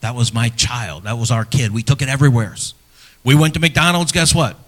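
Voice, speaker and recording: Middle-aged pastor preaching with swelling emphasis. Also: male voice, medium pitch, fairly quick. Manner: dynamic delivery, swinging from loud emphasis to hushed near-whispers; earnest and personal, speaking to fathers. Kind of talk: sermon.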